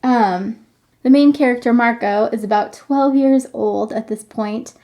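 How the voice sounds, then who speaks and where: Woman, podcast host, enthusiastic, chatty, reading a novel aloud, fairly high voice. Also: a little slow, mellow, lo-fi sound.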